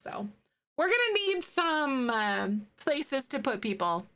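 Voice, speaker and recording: Bubbly Midwestern woman streamer, bright voice. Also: high voice, very animated, slow. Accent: Midwestern American (Wisconsin). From northern Wisconsin, US. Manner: bubbly, laughs often, chats with viewers. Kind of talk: casual live-stream chat while building.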